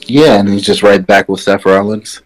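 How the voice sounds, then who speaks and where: A man co-hosting a podcast, giving his opinions in relaxed casual chat while sitting away from his mic. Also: fairly low pitch, normal speed, low-quality recording. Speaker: podcast co-host.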